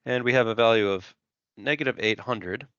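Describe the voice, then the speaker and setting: A man teaching engineering talks through an example step by step at normal speed, his mid-range voice a bit bright. Methodical, he thinks aloud while sketching and frequently uses "right?" and "so," in a dry, dull-sounding recording.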